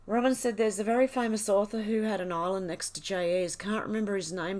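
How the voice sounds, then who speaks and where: A woman hosts a live chat stream, reading her viewers' comments aloud. She is tearful and emotional, and her voice sits at an ordinary middle pitch. Her delivery is casual and unscripted. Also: a little fast, a little mellow. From Australia. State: crying. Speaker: livestream host.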